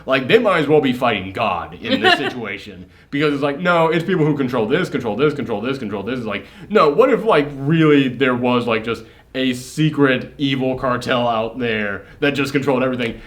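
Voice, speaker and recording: A young man co-hosting a casual movie review chat, excitable and swearing freely as he acts out quotes. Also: medium pitch, brisk, few pauses. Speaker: co-host of a movie review show.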